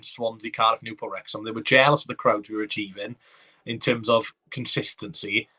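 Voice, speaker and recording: Hosting a fan watchalong, a man offers live reactions to a football match in a bright, forceful, mid-pitched voice. Excitable and chatty, he reads viewer comments out loud.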